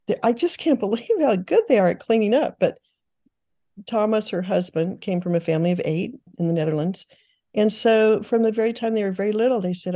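Earnest older woman with a mellow voice. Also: medium pitch. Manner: earnest, teaching tone with many restarts. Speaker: guest, author and speaker. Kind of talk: conversational interview answer.

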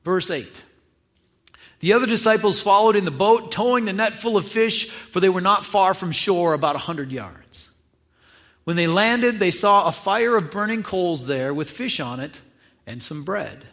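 A man's voice: high voice, animated, normal speed, a bit bright. A man preaching a sermon, retelling a scripture reading in a casual, conversational way with acted asides. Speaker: pastor.

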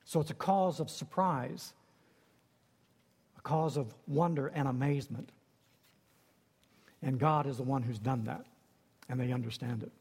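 A man preaching a sermon as pastor, rising to high emphatic cries and dropping low again. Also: measured pace, long pauses, darkish tone, breathy edge, in a large hall.

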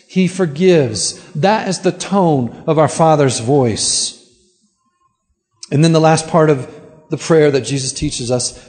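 A pastor delivers an earnest sermon, his man's voice sitting a little higher than most. He often stumbles over and repeats words as he starts a new thought. A long church-hall reverb trails behind every phrase. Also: darkish tone.

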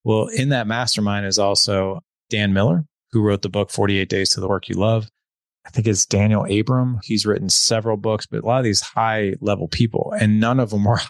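Middle-aged man, low-ish voice, animated storyteller, dry close mic. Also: gravelly, dry recording. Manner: animated, acts out dialogue. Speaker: podcast guest. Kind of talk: storytelling in casual conversation.

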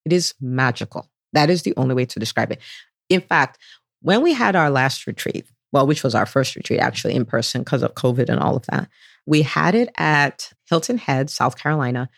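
A woman's voice: very deep voice, lively intonation, a little fast, creaky, no echo, clean studio sound. A woman who is a physician hosting a solo podcast, talking with gushing enthusiasm and acting out what other people said.

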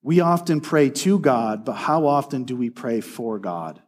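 A man preaching a sermon in an earnest way, slowing down to read scripture aloud. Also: mid-range voice, expressive.

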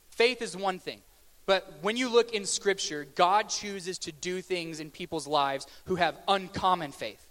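A man preaching a sermon in a conversational, joking way, slowing down for emphatic questions. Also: high-pitched, fairly bright tone, big-room sound.

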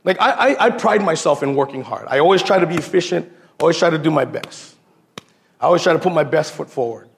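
A lay preacher with a fairly high, creaky voice speaks quickly in an informal sermon built from personal stories, using slang, repeating words and calling listeners "bro." There's slight background noise.

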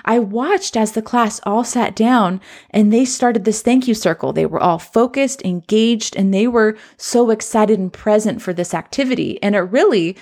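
A woman's voice: mid-range voice, moderate pace, darkish tone. A woman, a former teacher now working as a coach, telling a personal story in an earnest, reflective way. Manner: earnest, reflective, re-enacts children's voices.

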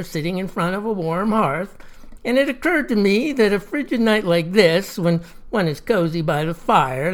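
A woman spins a fireside tale in a folksy, chatty way. Her voice sits at a middling pitch. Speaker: storyteller.

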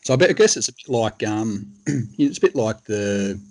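A man's voice: on the low side, animated, moderate pace, dry recording. An Australian man telling a long hunting story in a laid-back, rambling way, full of fillers. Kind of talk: casual storytelling.

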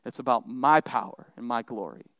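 A man voicing God as a calm, commanding male deity who speaks low and hushed to his prophet. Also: moderate pace, no room sound, lightly acted. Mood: solemn, commanding.

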